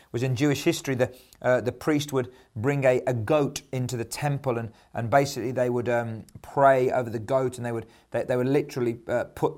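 Middle-aged pastor, mid-pitched voice, chatty sermon with little stories and repeated lines. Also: male voice. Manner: warm anecdotal preaching with repeated affirmations.

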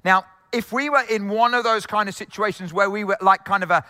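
A man's voice: high-pitched, a little fast, sharp tone, big-room sound. A man from England preaching a conversational sermon with jokes and asides. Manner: conversational, jokey, many asides. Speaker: pastor.

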